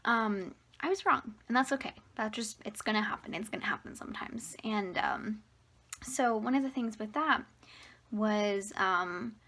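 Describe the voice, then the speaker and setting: A woman in her twenties vlogging casually at home, rambling and hesitant, slipping into a breathy half-whisper and a little out of breath. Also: medium pitch, a little slow, bright, forceful tone. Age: 20s. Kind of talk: casual personal vlog. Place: at home near the fridge, indoors.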